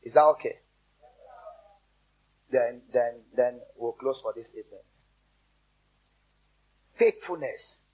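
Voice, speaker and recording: A man's voice: mid-range voice, fairly even intonation, measured pace, long pauses, darkish tone, slightly rough, muffled recording. A man preaching a sermon as a pastor, telling stories and repeating words for emphasis. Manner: storytelling, repeats words for emphasis, exhorts the congregation.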